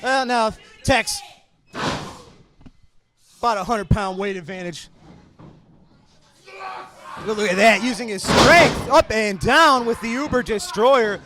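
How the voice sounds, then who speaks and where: A man calling a wrestling match play-by-play, excited and often shouting his calls. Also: high voice, slow pace, pauses often, crowd noise, noisy background. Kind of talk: live wrestling commentary.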